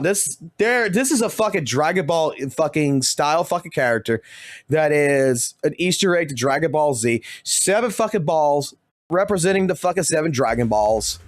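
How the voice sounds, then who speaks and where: Profane, excitable man streaming. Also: fairly high pitch. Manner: profane, animated, rambling. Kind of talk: excited gaming stream talk.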